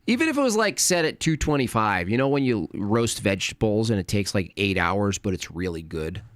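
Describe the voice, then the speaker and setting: A man hosting a late-night livestream, ranting and rambling with heavy swearing and often trailing off into low mutters. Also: sing-song, fairly quick, no echo. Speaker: livestream host.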